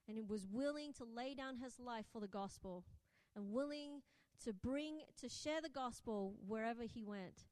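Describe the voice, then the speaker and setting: A woman's voice: a little high, darkish tone. A woman preaching a sermon in an earnest, conversational way, restarting her phrases as she goes. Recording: echoey hall.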